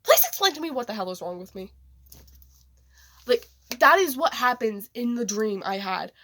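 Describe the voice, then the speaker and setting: Casual storytelling woman vlogger, a bit high-pitched, rambling with lots of "like". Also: animated, moderate pace, bright, forceful tone. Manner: rambling, heavy use of "like".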